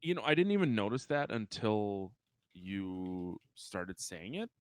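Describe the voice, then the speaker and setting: A man's voice: lowish voice, lively intonation, measured pace, no echo, clean studio sound. A man co-hosting a podcast, chatting casually and laid-back about a film he enjoyed. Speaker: podcast co-host. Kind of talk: casual film review chat.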